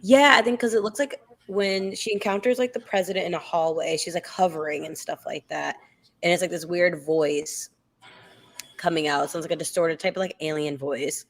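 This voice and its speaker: A woman's voice: on the low side, steady tone, moderate pace. A woman co-hosting a casual live after-show chat, talking loosely with lots of fillers and restarts. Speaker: co-host.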